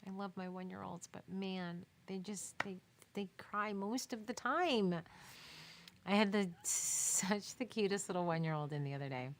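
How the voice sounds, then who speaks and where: A woman's voice: medium pitch, a little slow, slight background noise. A woman photographer answering questions in a casual live Q&A, telling stories emphatically and quoting people as she goes. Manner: emphatic, chatty storytelling with laughs and quoted dialogue. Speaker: newborn and baby photographer answering viewer questions.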